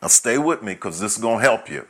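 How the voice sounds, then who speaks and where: A man's voice: fairly low pitch, animated, fast, fairly bright tone, husky. A man preaching a teaching sermon, reading scripture aloud and repeating each key point so listeners can write it down. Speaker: pastor.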